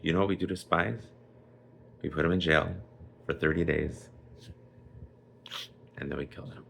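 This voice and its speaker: A man's voice: low voice, moderate pace, gravelly, fairly bright tone, slight background noise, exaggerated voice. A man voicing a stern, cruel king who threatens and then scoffs in disbelief.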